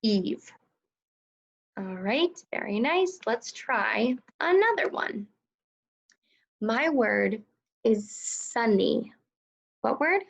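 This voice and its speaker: A woman teacher guides young children through a phonics lesson at a slow, careful pace. Her voice carries a touch of vocal fry, and she patiently sounds out each word. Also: a little high, big pitch swings, rough recording. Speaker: second grade teacher.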